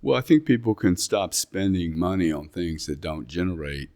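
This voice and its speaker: Very deep-voiced blunt Englishman. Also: animated, moderate pace, darkish tone. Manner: blunt, emphatic, repeats himself. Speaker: guest. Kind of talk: casual interview talk.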